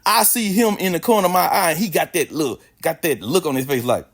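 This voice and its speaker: A man's voice: fairly high pitch, a little fast. A man telling a casual, slangy story with plenty of swearing and a lot of expression. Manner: animated, slangy, swears freely.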